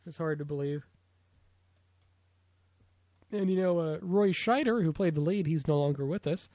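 Man, American, podcast co-host, casual movie chat, rambling with fillers, slightly high voice, dry recording. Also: normal speed, mellow, no room sound, muffled recording. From United States.

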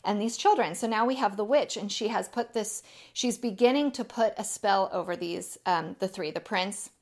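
A woman teaching a church group who pauses to explain, then reads a storybook aloud. Her voice sits in the middle range and she talks with the odd halt. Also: mid-range voice, a little mellow. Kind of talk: teaching and reading aloud from a novel.

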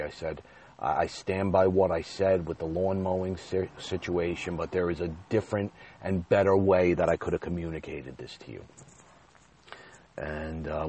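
A man's voice: sits low, a little mellow, slightly rough. A man in his thirties telling a personal story in a candid, confessional way, rambling at times.

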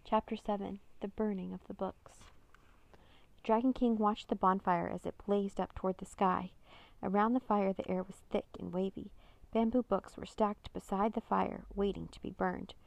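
Woman reading a kids book out loud, steady, kinda gravelly. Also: mid-range voice, moderate pace, no room sound. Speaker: narrator. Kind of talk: storybook read-aloud.

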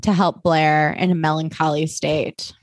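A woman co-hosting a podcast, recapping plot in brisk, chatty casual talk and mimicking characters. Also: low voice, flat delivery, no room sound. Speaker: podcast co-host.

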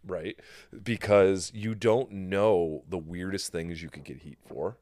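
Deep-voiced man telling a lively story. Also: slow pace, no echo, studio quality. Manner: animated storyteller, swears freely, acts out quotes. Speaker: podcast host. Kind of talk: casual storytelling chat.

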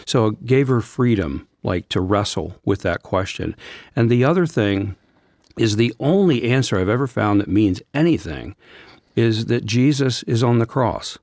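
A man with a notably low voice talks in an earnest, gentle way on a faith podcast. His close mic is dry, with no room sound. He slows down when a point moves him. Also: expressive, dry recording. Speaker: Christian counselor and podcast co-host. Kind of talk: reflective faith discussion.

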